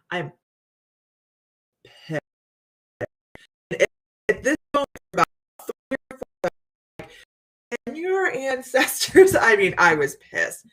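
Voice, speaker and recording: A woman psychic medium hosting a casual live chat, telling stories to her viewers in a chatty, animated way. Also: lowish voice, gravelly. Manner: chatty storytelling, Southern US "y'all".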